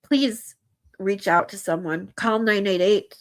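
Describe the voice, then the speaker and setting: A woman streamer talking to her chat in a casual live stream, earnest and heartfelt, often halting and restarting her sentences. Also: mid-range voice, steady tone.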